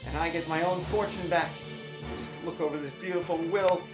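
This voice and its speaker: A woman's voice: on the low side, fairly even intonation, fairly quick, lightly acted. Comedy audio drama: woman playing a smug, cursing body-swapped schemer, echoey room, some music. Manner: smug, self-satisfied, cursing. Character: smug scheming old father now in his son's body.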